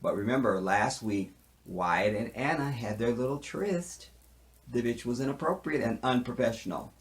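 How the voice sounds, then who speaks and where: A man giving a casual recap of a TV drama episode, animated, with streetwise slang, often acting out the characters' lines. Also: medium pitch. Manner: animated, acts out character lines in quick impressions; streetwise slang, repeats tag phrases. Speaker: TV show reviewer.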